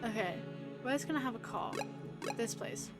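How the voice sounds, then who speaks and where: A woman's voice: a little high, expressive, moderate pace, over loud music. A woman streaming a video game, chatting casually, giggling and swearing as she plays. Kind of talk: casual let's-play commentary.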